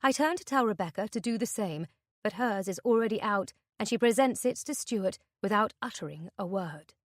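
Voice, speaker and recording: A woman reading a thriller audiobook in the first person, with a tense, measured delivery. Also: mid-range voice, animated, no echo, studio quality. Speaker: audiobook narrator. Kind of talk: scripted narration.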